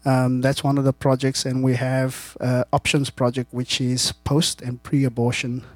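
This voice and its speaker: A man's voice: mid-range voice, monotone, unhurried, no room sound. South african guy telling stories to a church crowd, laughs a lot, trips over his words, dry close mic. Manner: chatty, laughs often, repeats words. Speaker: guest missionary. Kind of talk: casual storytelling to a church audience.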